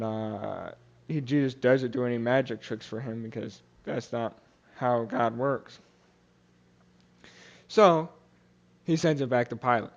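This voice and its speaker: A man's voice: mid-range voice, muffled recording. Casual young man retelling scripture. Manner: casual, many fillers and restarts, acts out quotes. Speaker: podcast host. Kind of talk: casual Bible study retelling.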